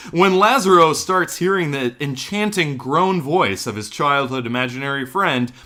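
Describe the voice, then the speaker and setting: A man doing a gruff, deep movie trailer narrator. The voice carries a bright edge and a slow, weighty delivery. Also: full character voice.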